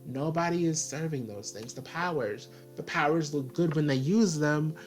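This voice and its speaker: A TV show reviewer, a man with a slightly high voice, speaks at a moderate pace over soft background music. His casual video review is a sassy, exasperated rant packed with filler "like"s.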